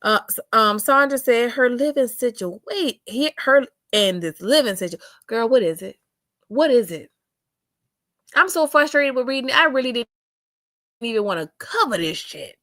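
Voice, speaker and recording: A woman's voice: a little high, lively intonation, normal speed, fairly bright tone, no echo, clean studio sound. A young adult woman hosting a casual livestream, reading chat comments aloud with sassy drawling asides.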